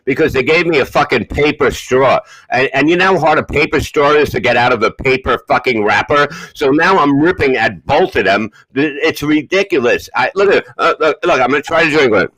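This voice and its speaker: A man's voice: mid-range voice, lively intonation, a little fast, hardly any pauses, no echo, low-quality recording. An older man telling crude, boastful stories on a comedy podcast. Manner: profane, boastful, loud storytelling. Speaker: podcast co-host.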